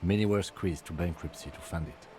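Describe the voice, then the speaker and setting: Calm lieutenant played by a man, very low and mellow, precise and reserved. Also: brisk, a little hiss or hum, close to an everyday voice. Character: calm, methodical male police lieutenant. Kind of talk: video game voice acting.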